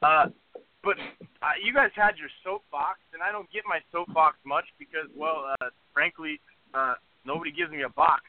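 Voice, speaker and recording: A man's voice: a little high, animated, moderate pace, dry recording. A man calling in to a show, talking in a playful, rambling, mock-indignant way. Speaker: caller. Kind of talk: joking call-in rant. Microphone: phone. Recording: tinny phone line.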